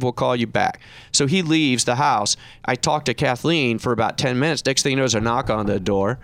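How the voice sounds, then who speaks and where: A middle-aged man hosting a talk show, telling a story in a casual, animated way, his voice rising when he quotes other people. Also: moderate pace, few pauses, no room sound. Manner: animated anecdote, raising pitch when quoting others. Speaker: radio show host and reverse mortgage professional.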